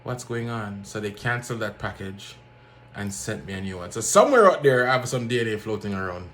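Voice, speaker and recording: Low-voiced man telling a story. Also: quick pace. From Jamaica. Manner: animated, acts out other people's lines in a raised voice. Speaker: vlogger. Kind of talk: casual storytelling monologue.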